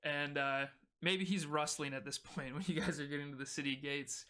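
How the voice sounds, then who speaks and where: Bright-voiced man running a tabletop game. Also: fairly high pitch, fairly even intonation, normal speed, clear, resonant tone. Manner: loose, casual storytelling with many fillers. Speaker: game master. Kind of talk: narrating a homebrew tabletop game.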